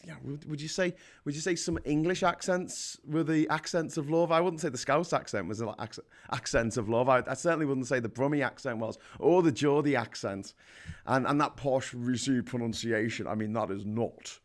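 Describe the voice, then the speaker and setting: A man's voice: medium pitch, normal speed. A man in his forties hosting a casual history live stream and reading out the chat. He talks in a chatty, jokey way and often restarts his sentences. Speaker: history show host.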